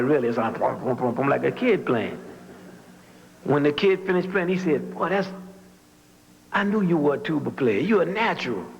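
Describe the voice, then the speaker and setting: A man from New Orleans giving a commencement speech as a story, who sings out drum and horn sounds along the way. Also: on the high side. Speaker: commencement speaker. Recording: muffled lo-fi speech recording.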